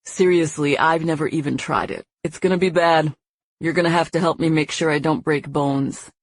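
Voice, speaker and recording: A woman reading an audiobook voices a relaxed, confident young man who speaks with quiet assurance. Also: sits low, normal speed, dry recording. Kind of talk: audiobook character voice.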